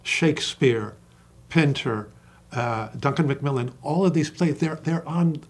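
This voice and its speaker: An older man, an acting coach, talking in an interview with passion and slowing down to stress single words. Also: a little high. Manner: passionate, emphatic storyteller who acts out quoted dialogue. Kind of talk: interview conversation.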